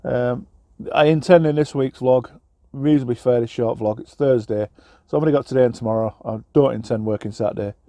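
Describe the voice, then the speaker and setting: An English truck driver chats casually in his cab for a vlog, rambling and poking fun at himself with plenty of fillers and false starts. His mid-range voice is warm and a little fast, with hardly any pauses, and the recording is dry.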